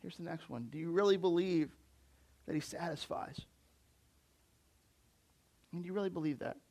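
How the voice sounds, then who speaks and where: A man's voice: on the high side, measured pace, creaky, mellow. A young man preaching a sermon in a church, talking in a conversational way and putting questions straight to the congregation. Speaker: pastor.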